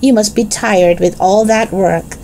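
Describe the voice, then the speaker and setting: A woman voicing a calm, protective eldest brother in a children's storybook reading. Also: medium pitch, a little slow, creaky, a little hiss or hum, voice pushed up. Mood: calm, gentle.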